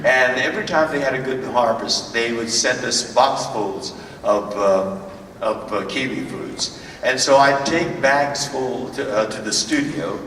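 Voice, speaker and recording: An older man telling stories as a convention panel guest, halting with many fillers and restarts, recorded from far off in a large hall. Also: mid-range voice, fairly bright tone, slight background noise. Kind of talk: anecdotal storytelling. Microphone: far from the recording camera.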